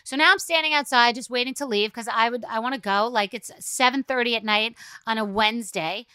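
A woman's voice: on the high side, fast talker, sharp tone, clear, resonant tone, dry recording. A middle-aged woman hosting a podcast, telling a rambling, profane, exasperated story full of "like"s. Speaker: podcast host. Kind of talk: solo comedic rant.

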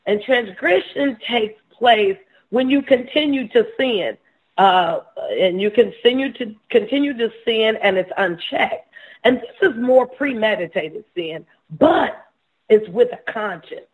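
A tinny-sounding woman preaching a halting sermon. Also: on the high side, animated. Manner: halting, repeats words and restarts, laughs softly between points.

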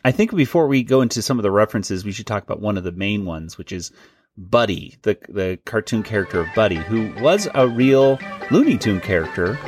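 A man's voice: fairly low pitch, expressive, brisk, breathy edge, soft background music. A man hosting a casual podcast chat, talking loosely and laughing often. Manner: chatty, laughs often, restarts. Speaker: podcast host.

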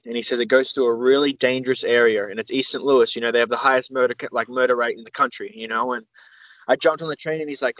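A young Australian man telling a long story as a podcast guest, rambling and animated, full of fillers and the odd swear word. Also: medium pitch, fast, no echo, muffled recording. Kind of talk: casual storytelling interview.

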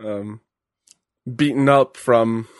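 Man, laid-back co-commentary, mid pitch, dry close mic. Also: slow, clear, resonant tone, dry recording. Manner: relaxed, hesitant, many fillers. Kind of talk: casual chat watching wrestling.

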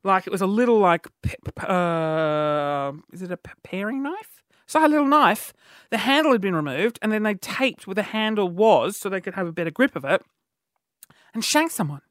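A man's voice: high-pitched, normal speed, dry recording, clean studio sound. Rambling man telling stories. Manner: rambling, animated storytelling with lots of fillers. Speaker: podcast host. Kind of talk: comedic monologue. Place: studio.

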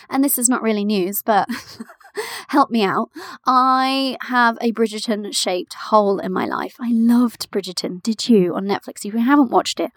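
A woman's voice: a little high, no echo, clean studio sound. A woman in her thirties hosting a casual solo podcast, chatty and giggly, calling listeners "my love". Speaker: podcast host and business coach for mothers.

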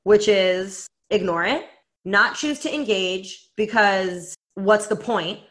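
Bright-voiced woman telling a lively story. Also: mid-range voice, slow. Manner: animated storytelling, frequent "like" fillers. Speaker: podcast co-host. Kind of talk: casual chat.

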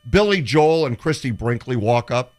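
A man's voice: medium pitch, normal speed. Guy telling sports stories on a radio show, voice goes way up and down, does the voices. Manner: animated storyteller who acts out quotes. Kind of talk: casual radio show chat.

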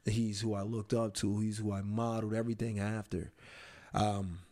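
A young adult man in an interview, telling a personal story in a reflective, halting way with many pauses and restarts. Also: fairly low pitch, little pitch movement, mellow.

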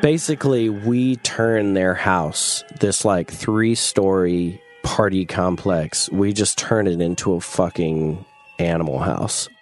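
Low-voiced man telling a rambling story. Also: takes it slowly, faint music behind. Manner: rambling, profane, fillers like "like", laughs often. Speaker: interview guest. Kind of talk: casual anecdotal storytelling.

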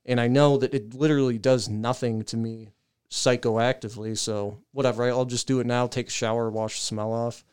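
A young man with a smooth, resonant voice in the middle pitch range spins a rambling, swear-laden story for his podcast co-hosts. He talks casually and laughs at himself along the way. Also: fairly quick. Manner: profane, animated storytelling with laughs. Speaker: podcast co-host.

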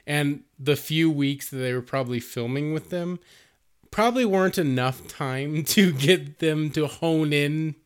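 A man's voice: fairly high pitch, measured pace, clean tone. A man co-hosting a podcast, reviewing a movie in casual chat, rambling with frequent laughs and swearing. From United States. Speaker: podcast co-host.

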